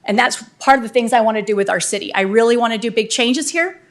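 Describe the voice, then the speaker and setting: A woman fresh off her city council win talks quickly, her voice a little high, as she gives an energetic, off-the-cuff speech in the council chamber filled with sincere thanks.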